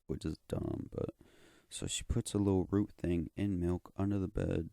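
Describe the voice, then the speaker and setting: Young man, casual storytelling, low gravelly voice, very dark tone, dry sound. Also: steady tone, normal speed, dry recording. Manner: rambling, profane, slangy. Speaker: vlogger.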